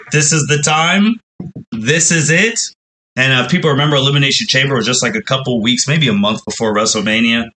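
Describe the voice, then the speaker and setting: A man's voice: mid-range voice, bright, forceful tone, rough recording. A man hosting a podcast, telling a long, rambling recap with frequent exclamations. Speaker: podcast host.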